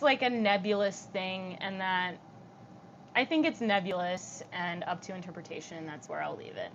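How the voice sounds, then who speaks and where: A young woman with vocal fry chatting on a livestream, reading comments out loud and answering them in a giggly, casual way. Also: medium pitch, moderate pace, lo-fi sound, slight background noise.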